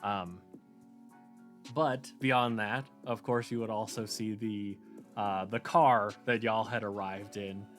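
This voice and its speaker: A man's voice: fairly low pitch, fairly even intonation, slow pace, fairly bright tone, faint music behind. A man narrating a tabletop game as game master, hesitant and full of fillers. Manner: hesitant, many fillers and restarts.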